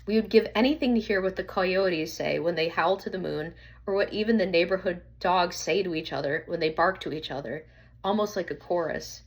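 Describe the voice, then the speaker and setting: A woman reading a children's story aloud in an earnest, slightly halting way. Her voice sits somewhat low for a woman, and the telling stays plain and steady. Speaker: narrator.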